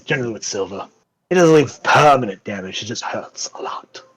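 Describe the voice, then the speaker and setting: A man voicing a female vampire duchess, an aristocrat who speaks calmly and wearily in a soft voice. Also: medium pitch, a little fast, slightly rough. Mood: cool.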